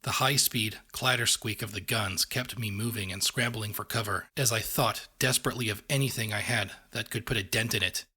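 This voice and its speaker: Husky, bright-toned male story narrator. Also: on the low side, fairly even intonation, a little fast, few pauses. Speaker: audiobook reader. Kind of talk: first-person fan-fiction narration.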